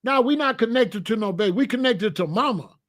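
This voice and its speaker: A man's voice: very high-pitched, expressive, fairly quick, fairly bright tone. A man hosting his own channel, giving emphatic, repetitive advice about family and discipline in a casual monologue. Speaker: host.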